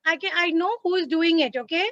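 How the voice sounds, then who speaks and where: A woman teacher with an Indian English accent, giving an online lesson in a lively, emphatic way and repeating words for stress. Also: very high voice, a little fast, no room sound, muffled recording.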